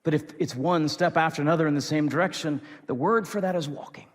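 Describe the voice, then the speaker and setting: Male pastor, somewhat high voice, earnest repetitive sermon, long hall reverb. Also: quick pace. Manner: earnest, repetitive, swings between loud and soft.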